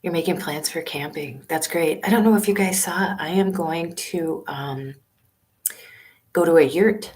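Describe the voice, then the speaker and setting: Low-voiced woman in her fifties whispering. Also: measured pace. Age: 50s. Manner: hushed, half-whispered talk with many fillers. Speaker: van-life vlogger hosting a live stream. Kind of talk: casual live-stream chat with viewers. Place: small library study room. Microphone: laptop webcam and built-in mic.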